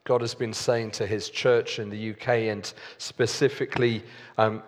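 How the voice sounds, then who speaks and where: A man preaching a sermon as pastor, earnest and deliberate with pauses and fillers. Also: lowish voice, little pitch movement. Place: church hall. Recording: long reverb of a church hall.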